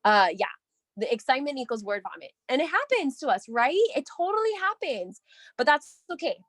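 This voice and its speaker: An energetic woman coaches her team on a call, talking in a chatty, eager way. Her voice sits a little high. The sound is dry and close. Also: fairly quick, no echo. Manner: energetic, chatty, often checks in with "right?".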